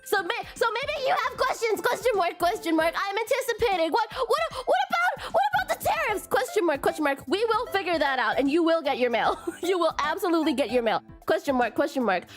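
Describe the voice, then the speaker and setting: Speaking fairly quickly with few pauses, a young woman runs a live stream in a very high voice with lively intonation as music plays in the background. Her recent illness has left her voice strained. The casual chat is bubbly and nervous, full of stumbles, repeated words, and a cutesy "question mark" added on.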